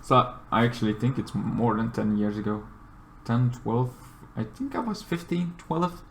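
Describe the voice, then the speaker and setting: A man's voice: medium pitch, animated, normal speed, creaky, slight background noise. A man in his late twenties casually recapping a movie plot, rambling and padding his sentences with fillers like "kind of thing". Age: 20s. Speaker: movie reviewer.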